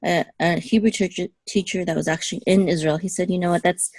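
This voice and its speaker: A woman's voice: fairly low pitch, fairly even intonation, quick pace, a little mellow, no room sound. A woman teaching Hebrew reading one-on-one, patiently explaining each letter and vowel and checking in with her student. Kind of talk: one-on-one lesson.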